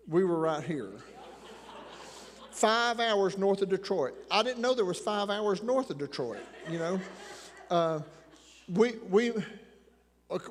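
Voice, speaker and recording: High-voiced Appalachian preacher in a hall. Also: male voice. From Tennessee mountains, Appalachia. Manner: folksy, joking, rambling asides. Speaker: pastor. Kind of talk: sermon. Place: church sanctuary. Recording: long reverb of a church hall.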